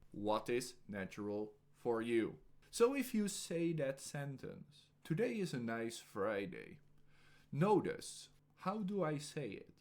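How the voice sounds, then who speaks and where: A man teaching as an English speaking coach, talking calmly and deliberately with a pause every few words. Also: medium pitch.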